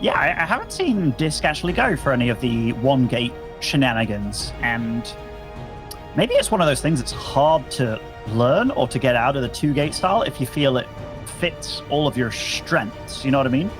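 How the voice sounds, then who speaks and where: A man's voice: mid-range voice, sing-song, moderate pace, over music. An English man commentating an esports match, chatty and casual with lots of fillers. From England. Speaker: esports caster. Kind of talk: play-by-play commentary.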